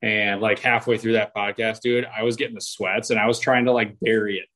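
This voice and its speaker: A man's voice: lowish voice, fairly even intonation, brisk, a bit bright. A man who is a hunting guide, a guest on a podcast, telling a self-mocking story in a laid-back way, often saying "dude". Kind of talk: casual chat.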